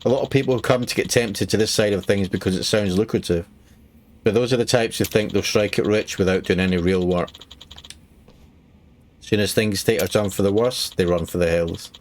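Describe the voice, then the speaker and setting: Cynical club boss for a game read-along, Glaswegian man reading it, flat matter-of-fact delivery, lowish pitch. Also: a little hiss or hum, natural voice. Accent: Glaswegian Scottish. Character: cynical male hostess-club boss reading his lines.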